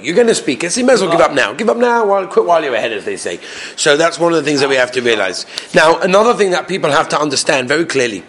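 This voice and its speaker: Guy rattling through a torah class, kinda high voice, keeps asking the room questions. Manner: animated, asks the class questions. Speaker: Torah teacher.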